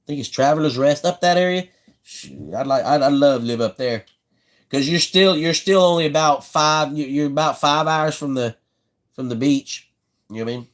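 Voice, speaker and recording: Pitched on the high side and animated, this man talks at a moderate pace. He's a Southern-accented South Carolinian building fishing rods on a casual livestream, easygoing and prone to saying things twice.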